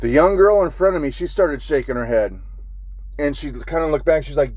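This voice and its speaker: A man's voice: a little high, fairly quick, no echo. A man who is a military veteran, telling a story in an agitated, profane ranting monologue.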